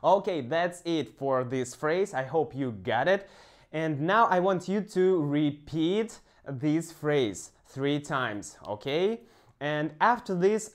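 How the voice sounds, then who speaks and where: A man, a teaching pronunciation in English, explaining slowly with frequent "uh" pauses. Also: fairly high pitch. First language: Russian. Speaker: language teacher.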